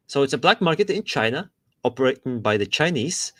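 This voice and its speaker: A man's voice: medium pitch, a bit bright, no room sound. A man co-hosting a casual podcast chat, reading text aloud with dry asides and frequent laughs. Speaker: podcast co-host.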